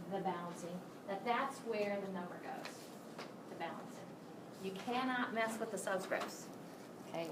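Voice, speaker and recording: Woman chem teacher talking thru a lecture, casual jokey asides, mid pitch, faint hiss behind. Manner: chatty, self-correcting, joking asides to students. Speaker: chemistry instructor. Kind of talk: recorded lecture walkthrough.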